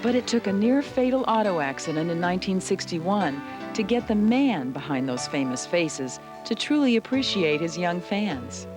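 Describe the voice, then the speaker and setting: Woman tv interviewer, lowish voice, asks curious follow-up questions. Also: sing-song, moderate pace, hardly any pauses, over music. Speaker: TV magazine interviewer and host. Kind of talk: TV interview and scripted narration.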